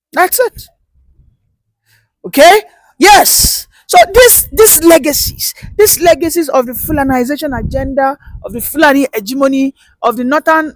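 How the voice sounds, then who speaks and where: A woman's voice: high-pitched, dry recording, poor audio. A woman delivering impassioned political commentary, emphatic and rhetorical, repeating points for force. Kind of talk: opinion commentary.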